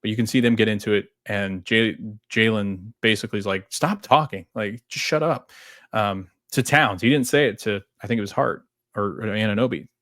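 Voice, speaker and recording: A man hosts a fan show, picking apart a basketball game in loose, excited talk full of restarts. His voice sits a little low, and the sound is dry and close with no room around it. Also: a little fast, few pauses, no room sound. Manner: animated fan, rambling with restarts. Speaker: podcast host. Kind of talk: casual sports talk.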